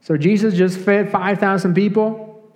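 High-voiced male preacher in a reverberant church. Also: a little slow. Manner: animated storytelling, acting out the quotes he tells. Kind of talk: sermon. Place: church sanctuary. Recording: long church hall reverb.

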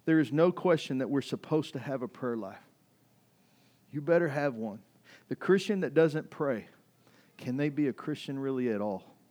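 A middle-aged male pastor preaching a conversational, animated sermon that builds in intensity. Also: mid-range voice, normal speed, long pauses.

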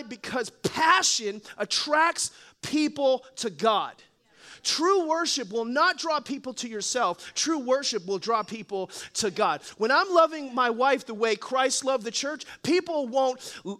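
A man preaching with a very high, bright, sharp voice. He tells stories in an animated way, acting out the lines of the people in them and adding playful asides. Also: normal speed. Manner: animated storytelling, acts out quotes, playful asides. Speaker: pastor. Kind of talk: sermon.

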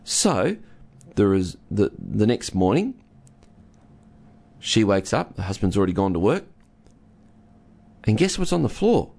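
A man with a fairly low, darkish voice full of vocal fry speaks in a sing-song way at a measured pace, leaving long pauses. He counsels couples and, in a casual teaching chat with a co-host, illustrates listening with an everyday story, voicing both partners.

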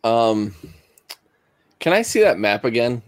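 A man playing a tabletop game, describing his character's actions in a hesitant, halting way. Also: medium pitch, big pitch swings, dry recording, clean studio sound. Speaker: player. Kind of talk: casual tabletop play.

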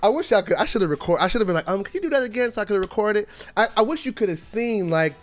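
A man in his forties, voice sitting a bit high for a man, tells a story on his podcast. He acts out the other people's lines with lively swings and laughs a lot along the way. Soft music plays faintly underneath. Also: racing. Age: 40s. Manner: animated, acts out quoted dialogue, laughs often. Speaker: podcast host. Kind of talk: casual storytelling monologue.

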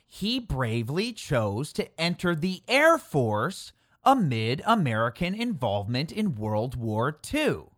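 Unhurried narrator with lively intonation. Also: mid-range voice, no room sound, studio quality. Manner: unhurried, addresses listeners directly. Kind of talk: conversational history narration.

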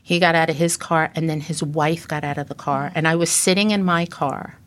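A middle-aged woman, a podcast guest, telling a personal story in earnest, halting sentences with frequent restarts. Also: deep voice, steady tone.

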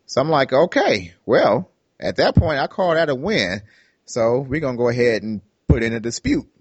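A man's voice: medium pitch, big pitch swings, moderate pace, slightly rough, dry recording, muffled recording. A man co-hosting a casual podcast, telling a story with animation and acting out his own side of phone calls. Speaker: podcast co-host.

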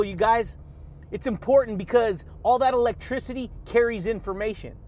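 Male motivational podcaster, high voice, energetic, shouty, laughs a lot. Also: a little hiss or hum. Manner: hyped, shouting catchphrases and laughing often. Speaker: podcast host.

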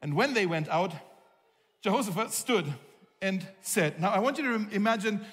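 A man preaching a sermon as a pastor, telling a personal story in a lively way and acting out the voices of the people he quotes. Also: high voice, normal speed. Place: church hall. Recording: long reverb of a large hall.

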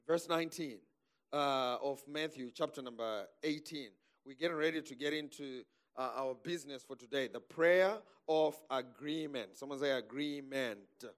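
Animated preacher man, higher voice. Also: clean tone. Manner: animated, calls for amens, laughs. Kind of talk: sermon.

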